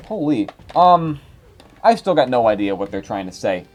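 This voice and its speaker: A man's voice: mid-range voice, very animated, moderate pace, a little mellow, soft background music. A young man in his twenties reading viewer comments in casual, rambling chat, full of fillers. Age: 20s. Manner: rambling, filler-heavy, chatty.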